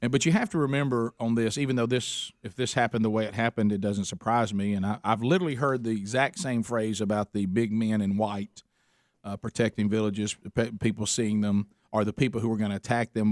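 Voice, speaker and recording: A man's voice: on the low side, steady tone, fairly quick, darkish tone, no room sound, studio quality. Man hosting talk radio. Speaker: radio show host. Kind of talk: talk radio chat and storytelling. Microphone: studio microphone.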